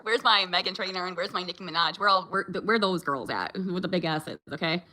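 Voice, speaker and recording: Bright-voiced chatty woman vlogger. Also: fairly low pitch, a little fast. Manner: chatty, laughs often, reacts to viewer comments. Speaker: vlogger and mom. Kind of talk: casual chat with viewers.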